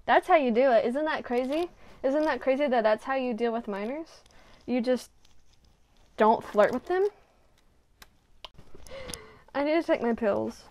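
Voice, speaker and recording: A woman with a fairly high voice vlogging from her bedroom while she builds a craft project. She talks to herself as she works, mocks herself and swears freely. A faint hiss sits under her voice. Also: a little mellow. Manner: self-deprecating, swearing, muttering to herself while working. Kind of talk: casual crafting vlog.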